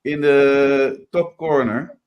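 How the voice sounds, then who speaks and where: A man co-hosting a casual football livestream, giving his opinions in a measured way. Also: medium pitch, steady tone, lo-fi sound. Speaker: livestream co-host.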